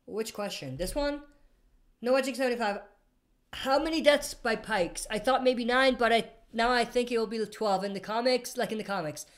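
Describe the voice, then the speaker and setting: Woman hosting a chatty livestream q&a, kinda high voice, reads comments then rambles and second-guesses herself. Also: normal speed. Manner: rambling, reads out comments then answers, often corrects herself mid-list. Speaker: livestream host answering viewer questions. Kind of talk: casual live Q&A chat.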